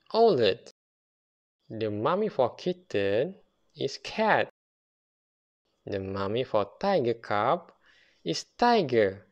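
A speaker reading a picture book aloud to toddlers, slow and careful, with non-native phrasing. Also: medium pitch, gravelly. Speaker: children's book reader. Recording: muffled lo-fi recording.

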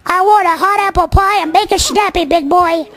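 A man voicing a tiny cartoon duckling who pleads in a squeaky, sweet voice. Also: fairly even intonation, moderate pace, noisy background. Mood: pleading.

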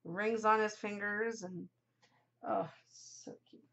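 A woman's voice: mid-range voice, steady tone, slow, a bit bright, slight background noise. Giggly chatty woman, muffled home recording. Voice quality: giggly, easily distracted. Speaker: podcast host. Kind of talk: casual chat to camera.

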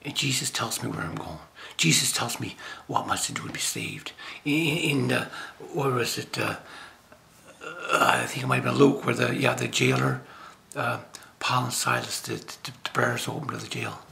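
A man's voice: mid-range voice, moderate pace, bright, forceful tone. An older man from Nova Scotia giving an informal spiritual talk as a lay preacher, rambling and jokey with many restarts. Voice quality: gravelly.

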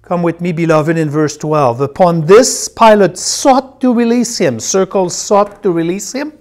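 A man's voice: high-pitched, unhurried. A man teaching a Bible class, who repeats key phrases and tells his students which words to circle as he reads.

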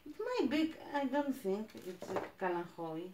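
A woman from Greece with a Greek accent, chatting as she unboxes plants, gushing and halting with fillers. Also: a little high, sing-song, reverberant, noisy background. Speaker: plant vlogger. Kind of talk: casual unboxing chat.

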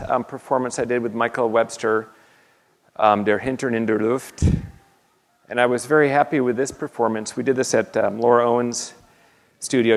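A man, an artist, talking an audience through his slides in a halting way, with many fillers and restarts. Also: on the low side, gravelly. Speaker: artist giving a lecture. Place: university lecture hall. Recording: long reverb of a lecture hall.

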